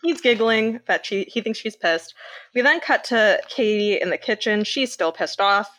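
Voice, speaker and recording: A woman from Canada, co-hosting a podcast and recapping a film in lively casual chat, swearing freely. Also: medium pitch, normal speed. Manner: animated storyteller, laughs often, swears freely. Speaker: podcast co-host.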